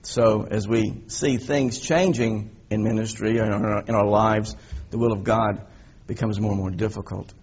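A man delivers a sermon in a gravelly, husky voice. He tells the story with animation, rising loud for emphasis and then dropping to quiet, reflective passages. The recording sounds dull and lo-fi. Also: lowish voice, steady tone, moderate pace, few pauses. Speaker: pastor.

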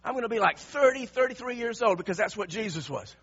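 A man's voice: sits high, expressive, fast, few pauses, a bit bright, breathy edge, lo-fi sound. A male pastor preaching a sermon with emphasis, asking the congregation the same question again and again.

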